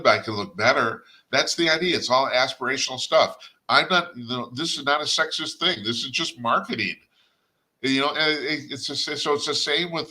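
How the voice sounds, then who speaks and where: A man's voice: mid-range voice, sharp tone. An older man hosting a talk radio show, giving a blunt, rambling opinion monologue with chuckles and restarts.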